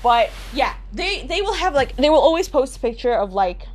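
A woman's voice: high-pitched, very animated, normal speed. A young woman ranting in a comedic vlog, exasperated and sarcastic, swearing freely. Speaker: vlogger. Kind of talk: comedic rant.

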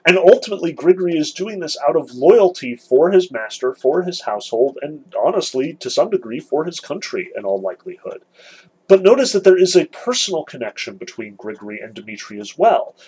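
A man's voice: fairly high pitch, big pitch swings, a little fast, darkish tone, husky, poor audio. A man teaching a literature lesson, explaining the scene step by step and weighing each side in turn. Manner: explanatory, weighs both sides repeatedly. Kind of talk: recorded lecture.

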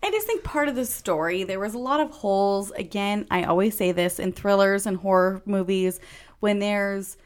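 A woman co-hosting a podcast in casual chat, animated and exasperated as she picks things apart, swearing offhandedly. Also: mid-range voice, moderate pace. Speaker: podcast co-host.

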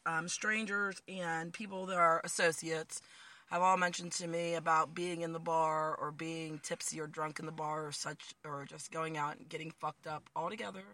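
A man's voice: on the high side, bright, forceful tone, dry recording. A middle-aged man co-hosting a casual chat show, joking and laughing often. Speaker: co-host.

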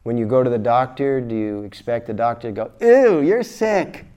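A man giving a spiritual lecture as a teacher, telling a story and swinging from quiet murmurs to loud bursts. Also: mid-range voice, level tone, fast talker, clean tone. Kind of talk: recorded lecture.

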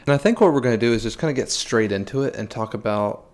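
A man's voice: mid-range voice, a little mellow. A young man in his twenties hosts a laid-back podcast chat with his best friend. He talks in a mid-range voice, jokes and teases easily, and often cuts in. His delivery stays loose and conversational. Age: 20s. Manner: joking, teasing, quick to interrupt. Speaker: podcast host. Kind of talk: casual chat.

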